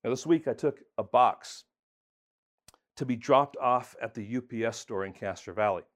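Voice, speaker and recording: A man's voice: medium pitch, normal speed. A man preaching a sermon as pastor, earnest and emphatic, talking conversationally with fillers and restarts.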